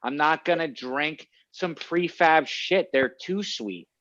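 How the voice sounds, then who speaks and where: A man co-hosting a casual podcast chat, ranting loudly and swearing often. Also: on the high side, slow, muffled recording. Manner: profane, ranting. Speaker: podcast co-host.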